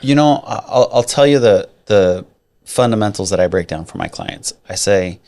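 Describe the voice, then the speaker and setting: A man's voice: lowish voice, animated, moderate pace, darkish tone. A middle-aged man co-hosting a casual podcast as a mortgage lender, playful and jokey as he talks numbers.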